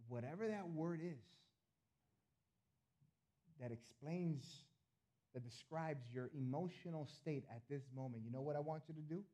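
A middle-aged man preaching a sermon as pastor, earnest, repeating phrases, swinging between loud appeals and soft asides. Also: mid-range voice, normal speed, long pauses.

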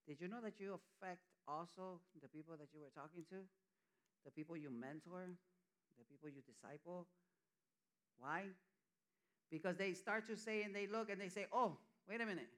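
A man's voice: high-pitched, normal speed, pauses often, fairly bright tone. Man preaching a casual sermon. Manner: conversational preaching, acting out quoted voices. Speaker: church elder preaching.

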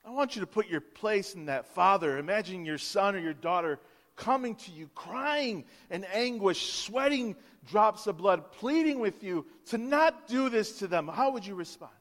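Male pastor, high-pitched, impassioned sermon delivery, long hall reverb. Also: expressive, moderate pace. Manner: impassioned, swings from hushed to loud, acts out quotes. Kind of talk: Easter sermon.

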